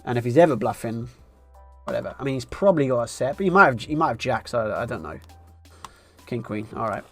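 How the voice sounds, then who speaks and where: A man's voice: mid-range voice, expressive, a little fast, fairly bright tone, faint music behind. Man thinking aloud over poker hands. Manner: musing, thinking aloud, wry asides. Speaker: poker streamer and coach. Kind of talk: live-stream poker commentary.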